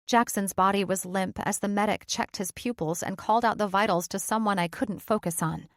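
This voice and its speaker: A woman reads a first-person audiobook with steady, earnest delivery at a middle pitch. The recording is close and completely dry, with no room sound. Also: fairly quick, no room sound. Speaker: audiobook narrator.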